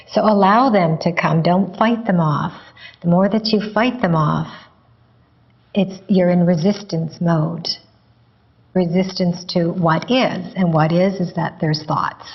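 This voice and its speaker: A woman meditation teacher answering a student's question in a calm, unhurried, gently explaining way. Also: on the low side, gravelly, slightly rough. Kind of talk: spiritual teaching dialogue. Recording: dull lo-fi recording.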